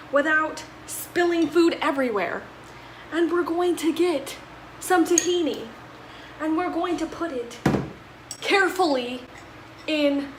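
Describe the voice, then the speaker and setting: Young woman, high voice, self-deprecating cooking vlog, roomy echo, pans clanking. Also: noisy background. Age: young adult. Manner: self-deprecating, exasperated, chatty. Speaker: college student vlogger. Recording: echoey room with clattering dishes.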